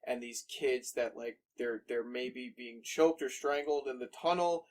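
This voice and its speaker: A man's voice: medium pitch, unhurried, darkish tone. A man co-hosting a casual podcast chat, rambling and swearing freely with frequent restarts. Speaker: podcast co-host.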